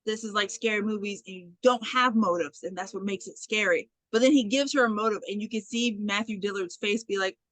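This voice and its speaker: A woman co-hosting a podcast in casual chat, retelling a movie with lively storytelling, acting out lines and swearing casually. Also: mid-range voice, brisk, few pauses, dry recording, rough recording. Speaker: podcast co-host.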